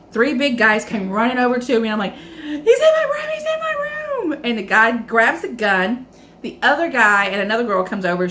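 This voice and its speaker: A woman vlogger telling a personal story in a casual mukbang storytime, chatty and animated, acting out her own past reactions and calling viewers "y'all.". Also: mid-range voice, a little hiss or hum. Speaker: food vlogger.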